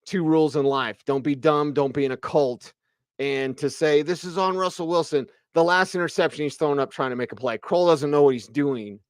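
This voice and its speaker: A man's voice: a little high, dry recording. A man hosting a postgame sports radio show, giving emphatic, opinionated takes full of rhetorical questions. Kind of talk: postgame sports talk rant.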